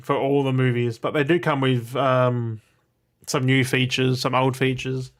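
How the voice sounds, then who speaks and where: A man with a medium-pitched, level voice talks unhurriedly to his viewers about the movies and games he's picked up. He's blunt, swears casually, and rambles with frequent digressions and restarts.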